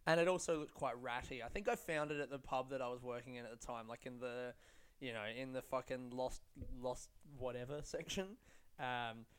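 A man's voice: mid-range voice, moderate pace, smooth. A young man hosting a solo podcast, telling stories in a rambling, profane, casual way and laughing often. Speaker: comedian and podcast host.

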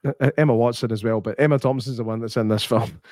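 Scottish male podcast co-host, sweary, animated storyteller, dry close sound. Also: medium pitch, quick pace, dry recording. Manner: sweary, animated storyteller who acts out quotes. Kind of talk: casual chat.

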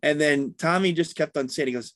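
A man's voice: a little high, fairly quick, a bit bright, a little hiss or hum. Rambling man telling sports stories. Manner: rambling storyteller with many restarts. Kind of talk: casual sports chat.

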